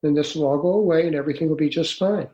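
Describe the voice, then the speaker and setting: A man's voice: a little high, racing, dull audio, close to an everyday voice. A man voicing a stern major with a Louisiana drawl. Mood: coaxing. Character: stern middle-aged male military investigator.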